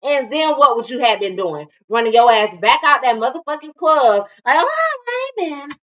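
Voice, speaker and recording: A woman's voice: fairly high pitch, moderate pace, a bit bright. A woman co-hosting a reality TV review, talking in a blunt, profane, casual way. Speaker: co-host of a reality TV review show. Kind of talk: casual chat. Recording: dull sound from a distance.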